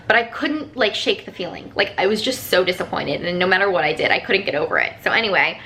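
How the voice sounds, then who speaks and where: A woman's voice: mid-range voice, lively intonation, quick pace, few pauses, sharp tone, slight background noise. A woman telling a personal story to her viewers in a casual, rambling vlog, full of "like" fillers. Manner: chatty, rambling, lots of "like" fillers. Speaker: vlogger.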